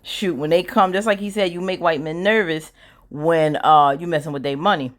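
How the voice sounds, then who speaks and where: With a deep voice and a moderate pace, a woman casually recaps a TV drama. She chats freely, shares strong opinions, and acts out bits of scenes along the way.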